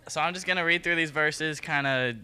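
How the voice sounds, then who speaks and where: A man leading a Bible study for a group, reading verses and explaining them in a relaxed, joking way, talking straight to his listeners. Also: on the high side, a little fast, clear, resonant tone. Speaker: youth Bible study leader. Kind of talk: casual Bible teaching talk.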